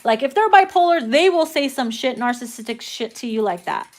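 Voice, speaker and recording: A woman's voice: sits high, animated, a little fast. A woman doing a casual tarot reading, brash and profane, laughing often as she talks. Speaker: tarot reader.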